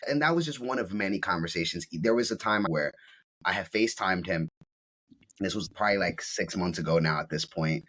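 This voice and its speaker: A man's voice: deep voice, a little fast, fairly bright tone, a little hiss or hum. A man speaking as a podcast guest, telling a story bluntly and emphatically, with plenty of swearing. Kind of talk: casual storytelling.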